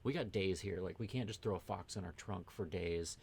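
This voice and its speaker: A man's voice: sits low, brisk, creaky, darkish tone, slight background noise. A man from Texas, a podcast host, casually telling a rambling anecdote packed with "like" and acted-out quotes. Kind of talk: casual storytelling chat.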